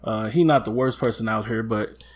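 A man co-hosting a casual chat, telling stories with lively acted-out quotes and laughter. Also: lowish voice, brisk, slight background noise. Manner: animated, acts out quotes with loud jumps and laughs. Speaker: podcast co-host.

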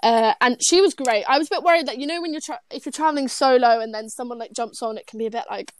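A woman's voice: fairly high pitch, fast, no room sound. A woman in her twenties with a British accent, chatting casually as a guest, bubbly and rambling with frequent laughs and restarts. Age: 20s. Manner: bubbly, rambling, laughs often, self-interrupting. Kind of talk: casual chat.

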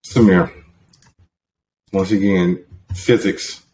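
A man's voice: low-pitched, steady tone, takes it slowly, darkish tone. A young man hosting a podcast, reading entertainment news in a casual, teasing, level-headed way. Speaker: podcast host.

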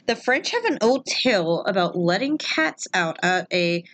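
A woman's voice: mid-range voice, sing-song, a little slow, fairly bright tone. A woman co-hosting a casual chat, presenting fun facts in a chatty, restarting way. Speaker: podcast co-host presenting facts.

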